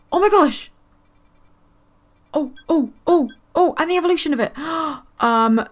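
A young woman giving excitable, gasp-filled commentary while playing a video game and thinking aloud. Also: high-pitched. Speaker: gaming let's player. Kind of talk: casual gameplay commentary. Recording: faint game music behind.

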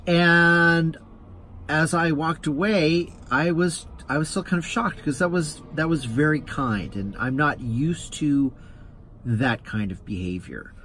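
A man's voice: fairly high pitch, takes it slowly, a bit bright, a little hiss or hum. A man hosting his own vlog, telling a rambling story with stammering restarts. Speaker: rideshare driver and vlog host. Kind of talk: casual anecdotal vlog monologue.

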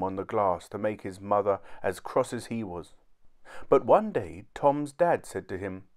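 A man's voice: fairly low pitch, animated, a little slow. Man reading a children's storybook expressively. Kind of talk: storybook read-aloud.

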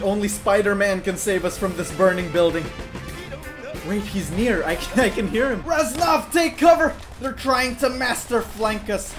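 A young man with a high, light voice talks over his own gameplay with a joking, sarcastic running commentary. He breaks into sudden yells now and then. Clear background music plays behind him the whole time. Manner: jokey, sarcastic, bursts into shouts. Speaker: gaming YouTuber.

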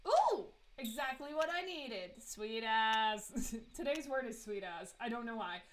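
A woman's voice: a little high, animated, measured pace, a bit bright, a little hiss or hum. A woman streaming a horror game, chatty and giggly as she talks to herself and her chat. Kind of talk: live let's play commentary.

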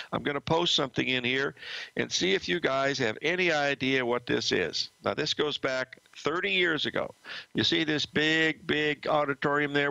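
Older male market host: folksy, rambling, dry close sound, gravelly edge. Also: medium pitch, sharp tone, dry recording, muffled recording. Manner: rambling, folksy, many fillers. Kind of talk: casual market commentary with stories.

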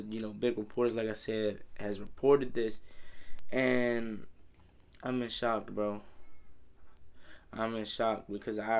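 A young man vlogging about football, rambling and exasperated, peppering his talk with "bro" and "man.". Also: mid-range voice. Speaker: sports vlogger. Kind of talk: casual fan commentary.

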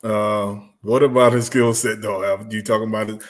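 A man's voice: lowish voice, little pitch movement, moderate pace. A man co-hosting a casual chat, talking loosely, laughing often and trailing off mid-thought. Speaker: podcast co-host. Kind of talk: casual chat about rap.

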